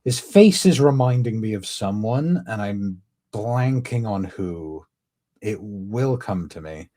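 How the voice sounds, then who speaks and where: Brief: male streamer, slow and lively-pitched, rambling casual commentary. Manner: rambling, laughs often, muses aloud. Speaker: streamer reacting to a comic chapter.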